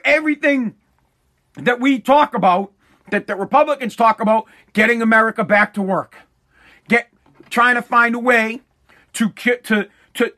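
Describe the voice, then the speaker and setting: A man with a very high, bright voice delivers a profane, fired-up rant from his home at night. He mocks the people he is complaining about and keeps pushing, full of heat. His tone stays sharp and cutting. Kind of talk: ranting monologue.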